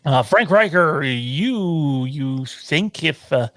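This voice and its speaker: Slow, laid-back joking man. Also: on the high side, animated, fairly bright tone, dry recording, studio quality. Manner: laid-back, jokey, often laughing. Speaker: podcast co-host. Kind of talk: casual chat reading live chat.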